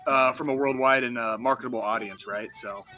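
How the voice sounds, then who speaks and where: A man's voice: medium pitch, steady tone, a little fast, sharp tone, soft background music. A man from the United States co-hosting a gaming podcast, ranting heatedly and swearing constantly in casual chat. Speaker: podcast co-host.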